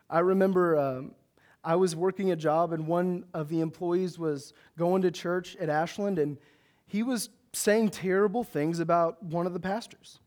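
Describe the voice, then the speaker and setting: A young adult man preaching a sermon with a loud, big voice, telling stories with animated, self-mocking humor. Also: high voice.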